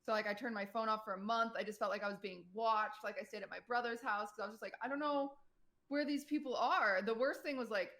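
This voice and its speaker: A young woman streamer telling a personal story to her chat in a casual, animated way, full of fillers and quoted voices. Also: mid-range voice, fast, hardly any pauses. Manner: animated retelling, quotes people, many "like" fillers.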